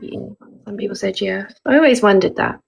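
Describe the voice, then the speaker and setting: A woman's voice: mid-range voice, brisk, creaky, husky. A woman with a northern English accent, joining a livestream as a guest, chatting in a bubbly, teasing way and putting questions to the chat.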